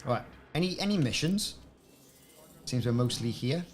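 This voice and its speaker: A man's voice: mid-range voice, animated, normal speed, soft background music. A man casually commenting on his gameplay, chatting to friends and often repeating words as he goes. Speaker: gaming video host.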